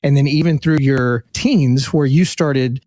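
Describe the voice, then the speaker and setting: A man's voice: mid-range voice, measured pace, mellow, no room sound, studio quality. A man hosting a podcast, upbeat and enthusiastic, talking emphatically to his listeners. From United States. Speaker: podcast host. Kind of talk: podcast intro and interview.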